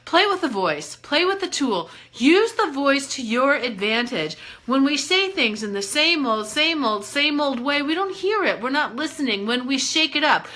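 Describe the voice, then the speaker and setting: A woman's voice: sits high, sing-song, measured pace, hardly any pauses, sharp tone, poor audio. A woman life coach talking casually and playfully on a self-help live stream, chatty and encouraging. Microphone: webcam or phone on a live stream.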